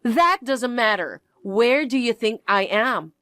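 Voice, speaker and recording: A woman's voice: on the high side, expressive, slow pace, fairly bright tone, dry recording, clean studio sound. A woman voicing a spoiled, boastful young stepsister who talks in a condescending, whiny and demanding way. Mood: smug, bratty. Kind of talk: dramatized story reading.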